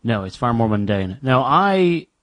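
A man's voice: mid-range voice, unhurried. A married man chatting casually on a podcast, telling stories and acting out the voices of the people in them. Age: adult, married. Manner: animated storyteller, acts out quotes. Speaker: podcast co-host. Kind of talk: casual chat.

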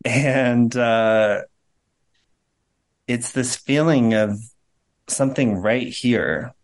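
A man hosting a casual video-call chat, speaking haltingly and laughing nervously as he describes a spiritual impression. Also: medium pitch. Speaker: host. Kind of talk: casual group chat about a spirit reading.

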